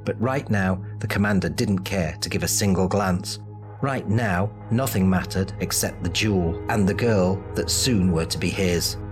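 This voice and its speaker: A man giving dramatic, measured narration of a fantasy audiobook. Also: deep voice, music in the background.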